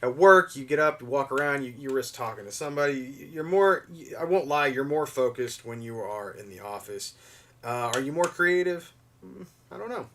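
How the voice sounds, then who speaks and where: A man's voice: medium pitch, animated, normal speed, a bit bright, slight background noise. A man in his thirties hosting a casual livestream, chatting in a rambling way while explaining hands-on repair steps. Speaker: livestream host doing figure repair. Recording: voice a bit far from the mic.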